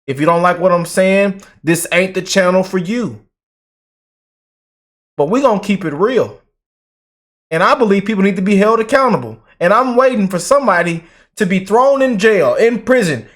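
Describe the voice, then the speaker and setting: A man's voice: high voice, animated, normal speed, a bit bright. A man giving fired-up casual commentary to his viewers, emphatic and slangy, calling them family. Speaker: political commentary YouTuber.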